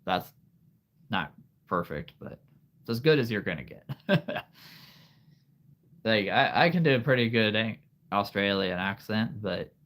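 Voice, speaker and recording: A man in his thirties chatting casually as host of a livestream, rambling and halting and laughing often. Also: lowish voice, fairly bright tone. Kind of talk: casual live-stream chat.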